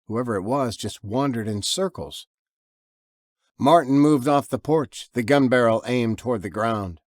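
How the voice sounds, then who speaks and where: A man narrating his own horror novel in an expressive, lively way. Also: unhurried, no room sound, clean studio sound. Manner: lively, expressive reading, with low growled voices for the father. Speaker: author and narrator.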